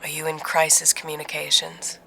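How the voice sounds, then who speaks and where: A narrator putting on a crisp, cool clone woman. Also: mid-range voice, monotone, fairly quick, pushed and bright, exaggerated voice, poor audio. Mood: dry. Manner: cool and clipped. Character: guarded clone woman with a crisp affected accent.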